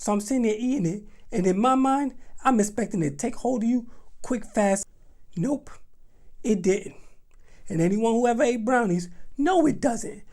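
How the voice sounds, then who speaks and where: A young man tells a comic story in an animated, dramatic, exaggerated way. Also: very high voice, moderate pace. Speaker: vlogger.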